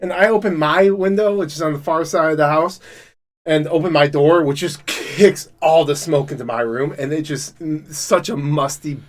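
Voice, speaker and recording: A man's voice: on the high side, moderate pace. Profane, rambling man telling a story. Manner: profane, rambling storyteller who gets loud and laughing when excited. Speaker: podcast co-host. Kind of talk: casual chat.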